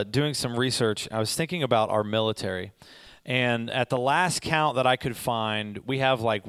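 A man's voice: mid-range voice, no echo. A man preaching a sermon, urgent and repetitive, building to emphatic exhortation.

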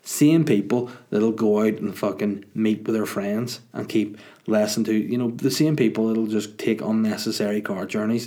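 Mellow-voiced man ranting casually. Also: fairly low pitch, moderate pace. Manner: chatty, ranting, swears freely. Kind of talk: casual rambling monologue.

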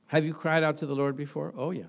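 A man preaching a sermon as pastor, chatty and questioning, shifting from soft asides to loud fervent emphasis with frequent laughter. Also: a little high, level tone, quick pace, creaky. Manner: conversational, quizzes the congregation, laughs often.

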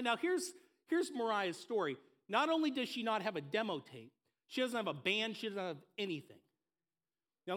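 A man preaching a sermon, telling a story with emphatic, repeated phrases and dropping soft at the low moments. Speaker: pastor.

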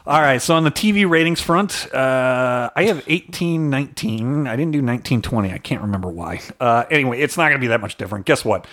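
A man's voice: medium pitch, lively intonation, fairly quick, few pauses, a bit bright. A man from the Chicago suburbs with a slight South Side Chicago accent, co-hosting a podcast in rambling casual chat, often correcting himself mid-sentence. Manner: rambling, self-correcting, lists facts. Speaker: podcast co-host.

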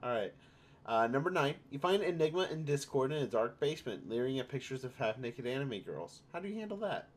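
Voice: mid-range voice, very animated, brisk, a little hiss or hum. A podcast co-host reading listener questions in a playful, jokey way. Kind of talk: casual chat.

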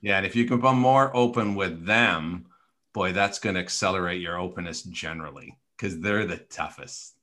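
A man's voice: low-pitched, moderate pace, bright, forceful tone. A man co-hosting a podcast, talking in an earnest, coaching way with many fillers and restarts. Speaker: podcast co-host. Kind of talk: casual conversational podcast talk.

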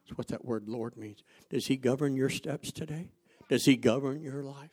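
A man preaching a sermon, asking the congregation rhetorical questions and telling stories from his own life, going from loud emphasis to quiet asides. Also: mid-range voice, normal speed, husky. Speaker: pastor.

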